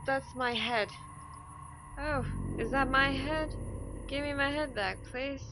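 Young woman, let's-play host, excitable and sweary, slightly high voice, music underneath. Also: takes it slowly. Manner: excitable, swears, reads game lines aloud. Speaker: gaming YouTuber.

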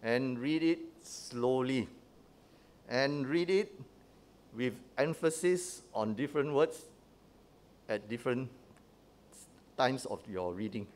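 A man with a mid-range, expressive voice speaks slowly and leaves long pauses. He teaches a sermon conversationally, often checking in with the congregation with "huh?" and "right?" He frequently restarts his phrases and repeats words.

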